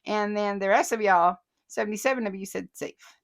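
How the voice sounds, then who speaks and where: Casual woman host, chatty and easily amused, middle-pitched voice reading out viewer comments. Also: fairly quick, vocal fry. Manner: chatty, laughs often, reads comments aloud.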